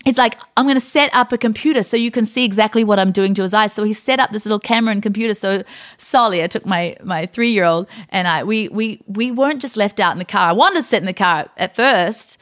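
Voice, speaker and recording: A woman's voice: medium pitch, quick pace, no echo. Chatty woman podcast host, dry sound. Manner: animated, chatty, many fillers and restarts. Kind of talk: casual storytelling chat.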